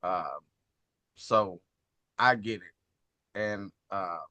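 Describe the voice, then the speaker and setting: A man co-hosting a podcast, chatting casually in a slow, measured, thoughtful way. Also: deep voice, pushed and bright. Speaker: podcast co-host. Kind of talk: casual chat.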